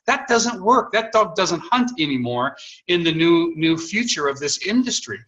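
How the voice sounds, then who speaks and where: A middle-aged man co-hosting a sales call, telling a long story with animated, acted-out dialogue and many restarts. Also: sits high, moderate pace, muffled recording. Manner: animated, acts out quoted dialogue, frequent restarts. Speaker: co-host of a network marketing call. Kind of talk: conversational storytelling.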